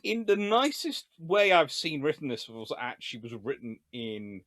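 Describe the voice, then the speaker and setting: A male history lecturer speaks on a live stream with a joking, digressive delivery. His voice sits a little high and swings widely in pitch. The recording is dry and close. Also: big pitch swings, moderate pace, fairly bright tone, no echo. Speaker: history lecturer and channel host.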